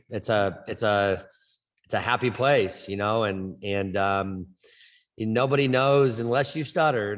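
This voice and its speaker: This is a man with a fairly low voice who stutters, chatting casually as an interview guest. He repeats words and restarts sentences often. His tone stays earnest and upbeat. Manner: stutters, with frequent word repetitions and restarts. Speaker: softball coach.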